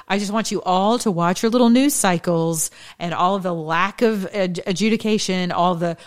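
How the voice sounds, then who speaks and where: A woman's voice: lowish voice, moderate pace. A woman hosting an opinion podcast, talking in a sarcastic, combative way and laughing often. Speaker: podcast host. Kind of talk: opinion monologue.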